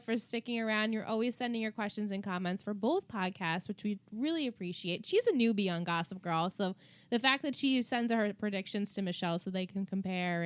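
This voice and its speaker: A woman with a Long Island accent co-hosting a podcast in casual chat, talkative and quick to laugh at her own jokes. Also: medium pitch, smooth, no echo. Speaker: podcast co-host.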